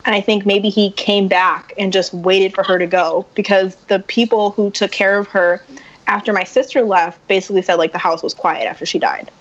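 A woman's voice: medium pitch, normal speed. A woman guest on a podcast, telling a story in casual talk and acting out what others said. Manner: animated, acts out quotes. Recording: dull lo-fi sound.

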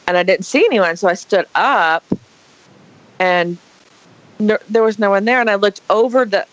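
Animated woman telling a story. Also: on the low side, highs cut off. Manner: animated, dramatic retelling. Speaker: guest storyteller. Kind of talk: casual storytelling.

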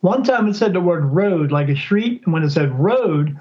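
High-voiced man telling a ghost story. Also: normal speed, dull audio. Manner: animated, acts out quoted speech in changing voices. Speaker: podcast guest, psychic. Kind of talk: storytelling in a casual interview.

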